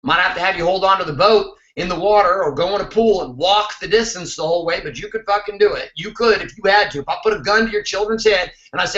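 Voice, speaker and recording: A man's voice: sits high, fast, hardly any pauses, fairly bright tone, reverberant, highs cut off. A man hosting a motivational show, talking intensely and emphatically, with some swearing. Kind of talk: motivational talk to camera.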